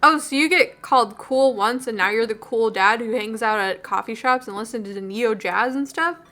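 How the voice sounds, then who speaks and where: A sarcastic teenage daughter who teases her dad in a lively, high voice, as a woman acts her out. The sound is bright and forward. The delivery is snappy, sitcom-style, in a dating-game reading. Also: moderate pace. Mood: teasing.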